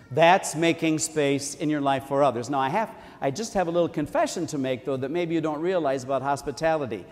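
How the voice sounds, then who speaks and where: A man's voice: on the high side, brisk, few pauses, big-room sound. A man preaching a sermon in a church in a conversational tone, repeating key phrases for emphasis.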